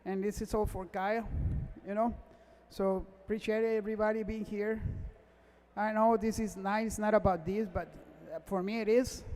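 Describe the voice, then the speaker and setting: High-voiced guy on a podium mic, teary, halting speech, big echoey gala hall. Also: flat delivery, darkish tone, slight background noise. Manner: halting, repeats himself, non-native English phrasing. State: close to tears. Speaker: race car mechanic accepting an award. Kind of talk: emotional acceptance speech.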